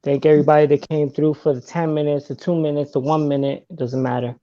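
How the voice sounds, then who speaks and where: A man's voice: a little high, little pitch movement, fast, warm tone, muffled recording. A man hosting a live podcast, talking loosely with frequent swearing and stumbling over his words. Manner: loose, swears often, self-consciously stumbling. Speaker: podcast host. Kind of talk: casual live-stream podcast chat.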